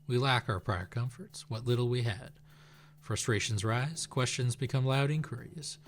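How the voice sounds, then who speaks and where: A man's voice: mid-range voice, moderate pace, a little hiss or hum, lightly acted. A man putting on a preachy Southern general. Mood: solemn. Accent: Southern US put on. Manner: solemn, sermon-like speechifying. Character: male military general addressing soldiers, preachy. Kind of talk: reading game dialogue aloud on a stream.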